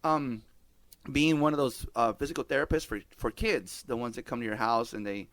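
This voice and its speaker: A man's voice: mid-range voice, normal speed, fairly bright tone, dry recording. A middle-aged man hosting a podcast, telling stories in casual chat, swearing freely, laughing often and dropping Spanish words. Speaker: podcast host.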